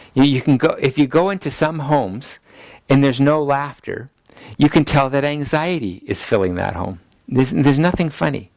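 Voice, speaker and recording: A man's voice: medium pitch, dry recording. Chatty man teaching with dry close sound. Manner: relaxed and chatty, laughs at his own stories, acts out quotes. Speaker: pastor teaching a ministry school class. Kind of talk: teaching lecture with family anecdotes.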